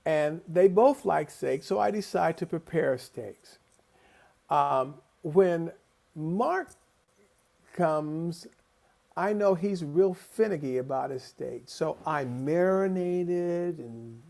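A choral conductor giving a conference lecture over a video call, telling personal stories in an animated way and acting out the voices he quotes. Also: on the high side, slow pace, creaky.

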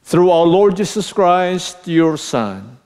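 A priest leading a prayer at Mass, slow and solemn. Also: male voice, sits high, sing-song, a little mellow. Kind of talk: liturgical prayer. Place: large church. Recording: church with long reverb.

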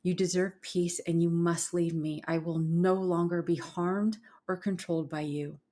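A woman voicing a young woman facing a curse, speaking firm and steady. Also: on the low side, unhurried, lightly acted. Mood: calm. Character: frightened but defiant young woman under a curse.

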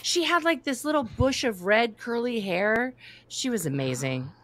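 A middle-aged woman co-hosting a casual live-stream chat, telling stories in an animated way and laughing easily, over a video call. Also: fairly high pitch, normal speed. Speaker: co-host.

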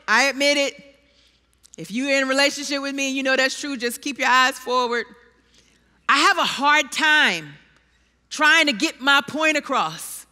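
A woman preacher giving a sermon in a large church, animated and self-deprecating, with dramatic scripture readings. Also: sits high. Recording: long reverb of a large hall.

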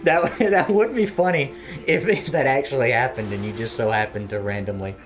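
A man's voice: medium pitch, brisk. A man watching a friend play a video game, giving tips and teasing him in casual chat. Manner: coaching, teasing, chatty. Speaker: co-host giving gameplay advice. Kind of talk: casual let's play banter.

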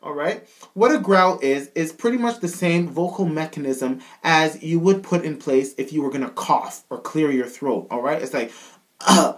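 A man with a Canadian accent giving a casual singing lesson as a vocal coach, often checking in with the listener. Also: fairly high pitch. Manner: casual, keeps checking in with "all right?".

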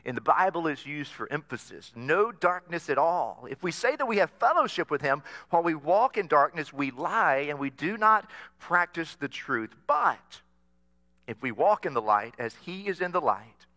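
A man's voice: a little high, sing-song, moderate pace, hardly any pauses, sharp tone. A man preaching a sermon as pastor, earnest and inviting the congregation to repeat phrases after him. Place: church sanctuary. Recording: long reverb of a church hall.

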